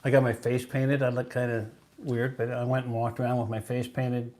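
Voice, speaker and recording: A man's voice: medium pitch, little pitch movement, fairly quick, darkish tone. A man hosting a livestream, talking in an easygoing, rambling way. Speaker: livestream host. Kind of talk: casual chat.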